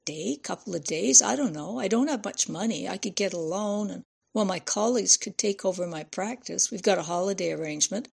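A woman voicing an anxious young woman who speaks haltingly and unsure, with a slight fry in her voice. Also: medium pitch, a little mellow. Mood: hesitant. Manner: hesitant, halting.

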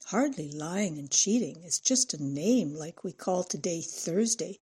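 A woman's voice: on the low side, lively intonation, a little slow, a little mellow, breathy edge, full character voice. A woman narrator voicing a mild husband who tries to soothe and reason. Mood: placating. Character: placating husband, mild and patient.

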